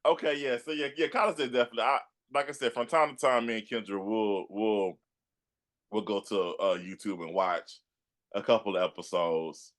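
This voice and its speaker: A man's voice: lowish voice, normal speed, a bit bright. A man hosting an interview show, reminiscing in an easygoing, rambling way. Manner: easygoing, rambling with fillers and restarts. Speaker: podcast host. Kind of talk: casual interview chat.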